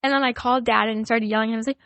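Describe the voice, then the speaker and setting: Animated young woman, higher voice. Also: very fast, no echo. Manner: animated, uses "like" a lot. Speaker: podcast guest, daughter. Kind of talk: casual family chat.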